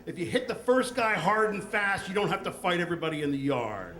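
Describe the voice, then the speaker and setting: A man from the United States telling a comic personal story on stage with a deadpan, profane delivery. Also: high-pitched, a little fast. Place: stage at a live storytelling event. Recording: echoey room, faint background noise.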